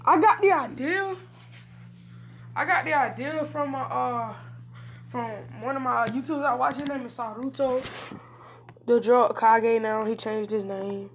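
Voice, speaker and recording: A woman's voice: a little high, a little slow, pauses often, a little hiss or hum. Rambling woman casually retelling a story. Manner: rambling, with frequent restarts and self-corrections; offhand slangy speech. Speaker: YouTube storyteller.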